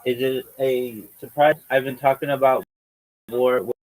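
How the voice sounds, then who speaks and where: A man's voice: mid-range voice, steady tone, normal speed, rough recording. A man hosting a livestream in casual chat, swearing and using slang as he rambles. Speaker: livestream host.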